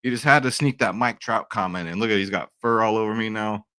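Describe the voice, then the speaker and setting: A man in his forties talks straight to camera in a rambling, jokey way, getting excited as he goes. His voice sits fairly low. The sound is dry and close, with no room around it. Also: quick pace, clean tone, no room sound. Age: 40s. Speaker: sports betting vlogger. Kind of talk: casual chat to camera.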